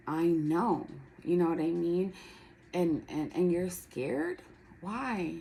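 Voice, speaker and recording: Low gravelly-voiced woman telling a story. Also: mellow, a little hiss or hum, poor audio. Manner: rambling, many fillers and restarts, talks to herself. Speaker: spiritual vlogger. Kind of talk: casual personal storytelling.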